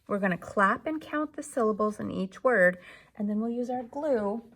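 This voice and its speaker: A woman's voice: medium pitch, expressive, moderate pace, a bit bright. A woman teacher leading a lesson for young children, patiently clapping out the syllables of words.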